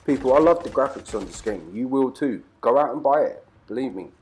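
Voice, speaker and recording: A man's voice: mid-range voice, expressive, fairly quick, darkish tone, a little hiss or hum. A man from Britain hosting a let's play, swearing and trash-talking his enemies as he plays. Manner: profane, rowdy trash talk. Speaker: gaming channel host.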